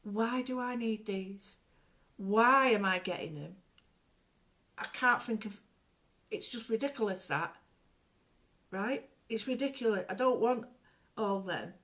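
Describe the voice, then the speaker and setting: A woman's voice: mid-range voice, unhurried, pauses often, a bit bright. Chatty middle-aged woman. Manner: chatty, digressive, jokey storyteller. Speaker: art workshop host. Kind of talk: casual craft tutorial with chatty stories.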